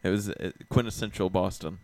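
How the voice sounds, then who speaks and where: A man's voice: sits low, creaky, a little mellow, dry recording. Joking young man chatting on a handheld mic. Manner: joking, crude, quick to laugh. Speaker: podcast host. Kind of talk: casual chat.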